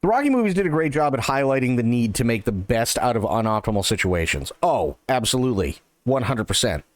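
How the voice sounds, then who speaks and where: Animated swearing male streamer. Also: medium pitch, fairly quick, no echo. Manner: rambling, animated, swears freely, lots of fillers. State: hyped on caffeine. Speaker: livestream host. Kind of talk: casual streaming chat.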